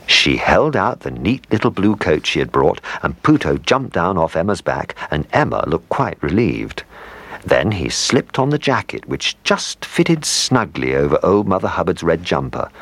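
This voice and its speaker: A man's voice: a bass voice, very animated, measured pace, creaky, fairly bright tone, breathy edge, dry recording. A man reading a children's story aloud, playful, with asides to the listener.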